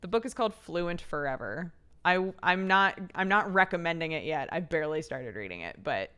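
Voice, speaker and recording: A young woman streams and chats loosely with her viewers, wandering between thoughts and laughing often. Her voice sits a little low and sounds smooth and clean. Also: lively intonation, moderate pace, a bit bright. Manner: rambling, laughs often, swears casually. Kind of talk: casual chat.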